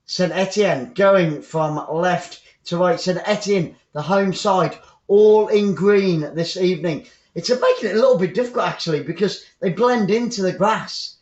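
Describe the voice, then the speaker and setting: An English man giving chatty live football commentary for an online stream, repeating his phrases and rambling into asides. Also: high voice. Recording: roomy, dull lo-fi sound.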